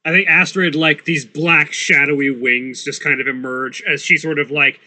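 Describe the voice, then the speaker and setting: A man's voice: on the high side, fairly even intonation, moderate pace, bright, forceful tone. A man playing in a tabletop game, loosely describing his character's actions with lots of "sort of" and "like". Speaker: player.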